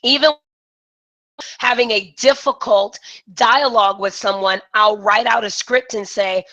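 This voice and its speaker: A woman business coach leading a live online coaching session, talking with emphasis and excitement. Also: medium pitch, measured pace, dull audio.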